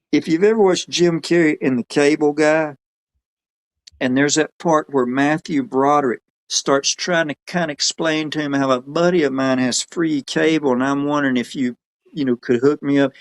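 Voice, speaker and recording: A man telling a story in a rambling, folksy way, quoting people as he goes. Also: fairly high pitch. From Alabama. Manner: folksy, rambling, quotes others in his own voice. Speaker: podcast guest telling a story. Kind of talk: casual storytelling.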